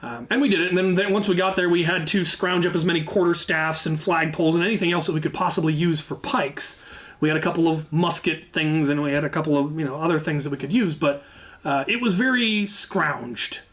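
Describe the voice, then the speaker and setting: A man hosting his own channel, telling an anecdote in a casual, lively way with frequent asides. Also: a little high, fairly quick. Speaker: channel host telling a story. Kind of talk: casual storytelling.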